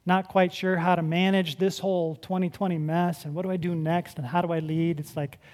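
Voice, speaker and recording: A pastor preaching a sermon in a conversational, animated way, asking the congregation rhetorical questions and swinging between loud and hushed. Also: mid-range voice, a little fast.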